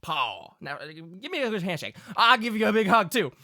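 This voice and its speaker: A man voicing a burly older farmer father, Southern accent, folksy manner, bright tone, dry sound. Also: sits high, very animated, fairly quick, no echo, pitched above the performer's own voice, heavily acted. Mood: hearty. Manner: folksy, hearty, rambling.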